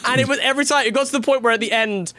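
A man's voice: very high voice, racing, no room sound. A young man hosting a podcast, telling a story animatedly and laughing as he goes. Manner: animated, laughs through his stories. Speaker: podcast host. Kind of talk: casual chat, storytelling.

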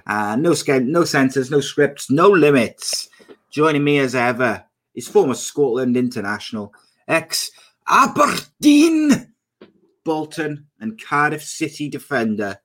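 Man hosting a podcast, reading comments. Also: medium pitch. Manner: quick scripted intro, then reads out comments. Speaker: podcast host. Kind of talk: podcast hosting and casual chat.

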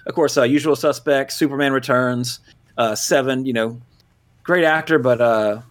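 A man's voice: medium pitch, fairly even intonation, normal speed. A man from Louisiana, hosting a movie podcast in loose casual chat, full of fillers and self-corrections. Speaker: podcast host.

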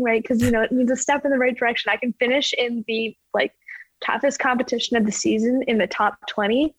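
A woman talking casually as an interview guest, full of fillers like "like" and acting out her own quotes in a higher voice. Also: no echo, highs cut off. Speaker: guest athlete.

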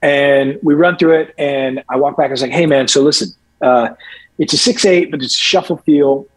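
Husky rambling rock musician man. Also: fairly high pitch, normal speed, poor audio. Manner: rambling, profane storyteller with many restarts. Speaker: guest musician. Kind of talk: casual podcast chat.

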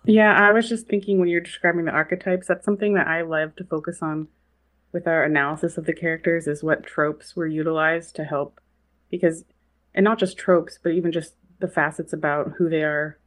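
A woman chats casually on a podcast, easygoing and quick to laugh between points. Her voice sits low for a woman. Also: fairly even intonation, fairly bright tone.

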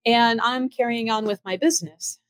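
A middle-aged woman casually telling ghost stories from her own home, chatty and lively, acting out the voices of the people in her story. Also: on the high side, normal speed, no room sound. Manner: chatty, animated, acts out quoted dialogue. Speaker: storyteller recounting ghost encounters.

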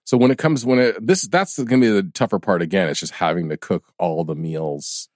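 A man's voice: low voice, a little fast, a little mellow, dry recording, clean studio sound. A man co-hosting a podcast in casual chat, teasing playfully and laughing often. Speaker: podcast co-host.

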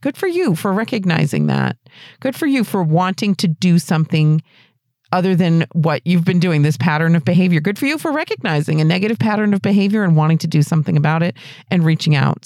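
A woman's voice: dry recording, clean studio sound. A middle-aged woman hosting a faith-based advice podcast, answering a listener's question in an earnest, encouraging way. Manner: warm, encouraging, earnest; lively pitch rises. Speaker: podcast host.

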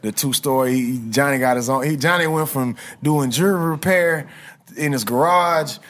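A man, a guest on a podcast, telling stories in a relaxed, slangy way. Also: mid-range voice, normal speed. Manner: laid-back storytelling with slang. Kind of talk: casual interview chat.

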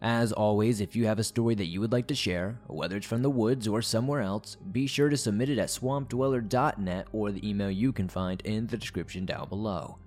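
A man hosting a horror story show, narrating listener-submitted stories in a measured way. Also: fairly low pitch, a little mellow, soft background music.

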